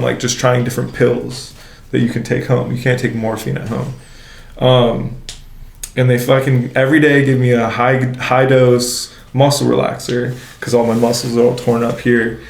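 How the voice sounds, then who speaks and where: A man's voice: medium pitch, level tone, normal speed, gravelly. A young man telling a story in casual chat, slangy, swearing a lot and filling his speech with "like". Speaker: guest. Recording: echoey room.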